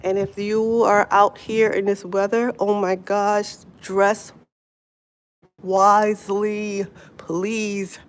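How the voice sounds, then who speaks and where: A woman's voice: mid-range voice, flat delivery, slow pace, clean tone. A middle-aged woman chatting casually on a livestream from outdoors in the snow, laughing often, with wind behind her. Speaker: livestream host. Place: outdoors in snowy weather. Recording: faint wind noise outdoors.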